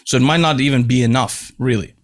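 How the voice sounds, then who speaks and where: A young man hosting a casual podcast chat, animated and laughing as he tells stories. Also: medium pitch, quick pace. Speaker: podcast host. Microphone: remote call mic.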